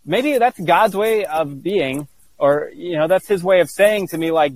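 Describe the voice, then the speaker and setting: Earnest, halting man telling a story. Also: on the high side, darkish tone, low-quality recording. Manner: halting, full of restarts and fillers, earnest. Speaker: guest. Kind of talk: candid interview storytelling.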